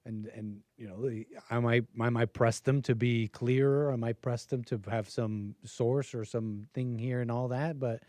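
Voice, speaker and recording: A man's voice: mid-range voice, fairly even intonation, normal speed, few pauses, mellow, no echo. A man hosting a call-in show, talking loosely and trailing off mid-sentence. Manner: loose, conversational, trailing off often. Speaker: talk show host.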